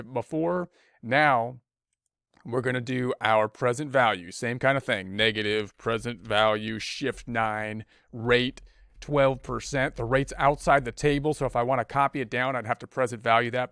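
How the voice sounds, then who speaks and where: A man's voice: medium pitch, a bit bright, smooth, no echo, studio quality. Man talking through spreadsheet steps. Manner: talks through keystrokes step by step, casual and repetitive. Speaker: accounting instructor. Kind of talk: screen-recorded spreadsheet lesson.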